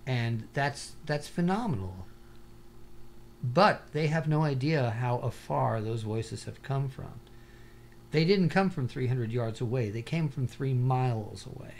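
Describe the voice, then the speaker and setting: A man talking as an interview guest, a diver telling stories in an animated, rambling way with lots of "you know". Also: mid-range voice, measured pace, slight background noise. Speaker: guest, scuba diver and paranormal investigator. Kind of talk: casual interview chat.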